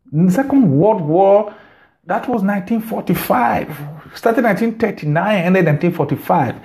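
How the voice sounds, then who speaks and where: This middle-aged Nigerian-accented man talks to the camera from home, chatting casually with his viewers. His voice is high and a little mellow, and his delivery is rambling and emphatic, with frequent repetition.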